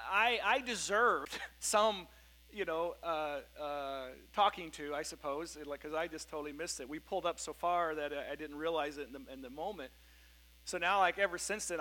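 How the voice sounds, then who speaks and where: A middle-aged man preaching a sermon in an easygoing, anecdotal style. His voice sits a little high and rings bright and forward. He wanders through fillers and self-corrections as he talks. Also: a little hiss or hum, low-quality recording. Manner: conversational storytelling, many fillers and self-corrections. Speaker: pastor.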